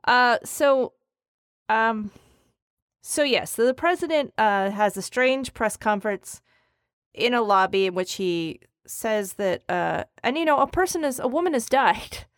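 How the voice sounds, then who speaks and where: A woman co-hosting a podcast in casual chat, telling stories in an animated, profane way. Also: fairly high pitch, a little slow, no echo, clean studio sound. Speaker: podcast co-host.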